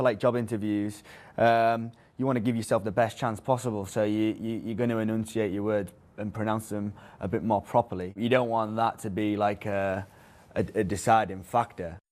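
Hesitant low-voiced young man. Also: darkish tone. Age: young adult. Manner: hesitant, with fillers and restarts. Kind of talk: group discussion.

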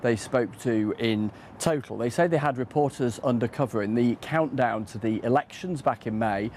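A man's voice: mid-range voice, moderate pace, darkish tone. Guy reporting live outside, chatty, lots of uhs, bit of street noise. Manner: conversational, with many "uh" fillers. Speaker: political correspondent. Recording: faint street noise behind.

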